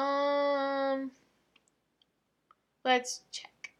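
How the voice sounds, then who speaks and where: A woman's voice: a little high, animated, unhurried, long pauses, bright, forceful tone, breathy edge. A woman reading tongue twisters aloud and commenting on them in a playful, exasperated way, often breaking off mid-sentence. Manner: playful, exasperated, self-interrupting asides.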